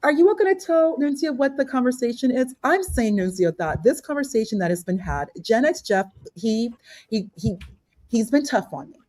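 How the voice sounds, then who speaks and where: A woman holds forth on a call-in panel, pressing her points with repeats and restarts. Her voice is warm and mellow, and the sound is dry and close. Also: fairly high pitch, sing-song, moderate pace, no echo. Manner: emphatic, repeats herself, restarts often. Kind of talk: casual panel debate.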